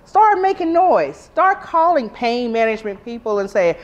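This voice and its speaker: Nurse lady giving a fired-up talk at a conference, kinda high voice, keeps hammering the same point. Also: sing-song, normal speed, muffled recording. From Arkansas, US. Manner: emphatic, rallying, preacher-like repetition. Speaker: pediatric nurse speaker. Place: conference room.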